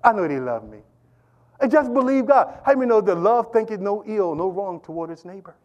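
High-voiced animated man preaching. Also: a little fast, lo-fi sound. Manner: animated, repetitive, calls out to the congregation. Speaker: pastor. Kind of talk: sermon. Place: church.

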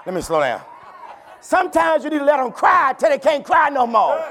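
A bishop preaching a sermon at a church service, calling out to the congregation and building to shouts, repeating phrases for emphasis. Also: male voice, extremely high pitch, big pitch swings, normal speed, a faint crowd. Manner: repeats phrases, tells listeners to turn to neighbor.

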